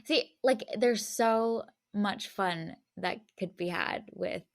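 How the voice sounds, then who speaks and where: A woman's voice: medium pitch, slow, creaky. A woman co-hosting a film podcast, chatting casually, laughing often and reading the show's sign-off. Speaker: podcast co-host. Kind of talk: casual chat.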